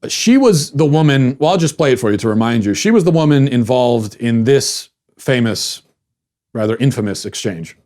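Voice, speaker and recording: A man's voice: mid-range voice, lively intonation, normal speed, a little mellow. A man hosting a commentary podcast, talking in a wry, sarcastic monologue with frequent restarts. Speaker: podcast host.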